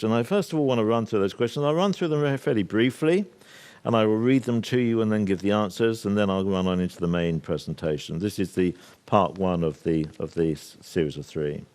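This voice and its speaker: Deep-voiced older British man speaking. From Britain. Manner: discursive, assertive, with many fillers and asides. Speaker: speaker at a workshop. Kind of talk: public talk to an audience. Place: venue with a live audience.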